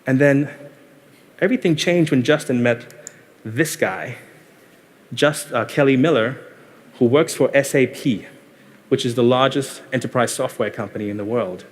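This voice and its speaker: A man's voice: mid-range voice, moderate pace, long pauses. A man giving an inspirational keynote talk on stage, telling stories in a conversational, upbeat way. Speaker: keynote speaker.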